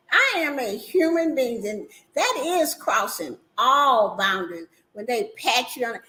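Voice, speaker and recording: A woman hosting a casual livestream talk show, animated and emphatic, often laughing as she talks. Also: on the high side, measured pace, few pauses, poor audio. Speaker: livestream host.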